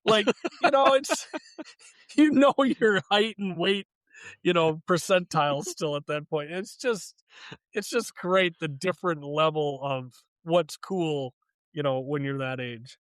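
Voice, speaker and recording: A man's voice: a little high, takes it slowly, fairly bright tone, no echo. Upbeat man with a dry close sound. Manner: enthusiastic, laughs often, retells scenes. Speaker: podcast co-host. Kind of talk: casual podcast chat.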